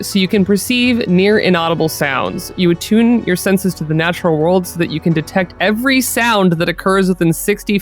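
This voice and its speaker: A player in a tabletop game describing their character's actions casually. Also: medium pitch.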